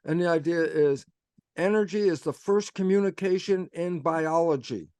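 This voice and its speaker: A man with a somewhat high voice, heard close and dry with no room around him. He explains his ideas as a lively story and acts out little dialogues, often quoting himself with "I say" and "I go". Rhetorical questions drive each point home. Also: moderate pace, clear, resonant tone, dry recording. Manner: animated storyteller who acts out quoted dialogue; frequent self-quoting with "I say" and "I go". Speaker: guest speaker. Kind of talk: explanatory conversational talk.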